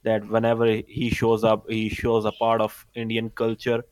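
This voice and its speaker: A man's voice: lowish voice, completely flat delivery, moderate pace, darkish tone, no echo, poor audio. Guy from south asia ranting casually on a stream, cursing a lot, dry sound. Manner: opinionated, swears freely. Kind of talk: casual chat.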